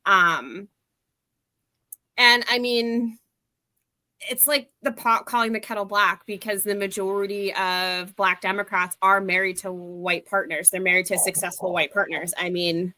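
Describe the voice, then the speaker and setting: A woman's voice: mid-range voice, steady tone, measured pace, pushed and bright, no echo. A woman giving her opinions in a casual panel discussion, talking freely with many "like" fillers. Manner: opinionated, filler-heavy with frequent "like". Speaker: panel guest.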